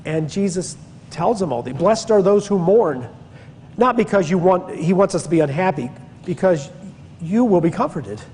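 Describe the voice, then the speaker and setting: In a big-sounding room with faint hiss or hum, a man from Pennsylvania teaches church history as a classroom-style Bible lecture. His high, expressive voice is a little mellow and moves at an ordinary pace. He digresses often and stresses important words.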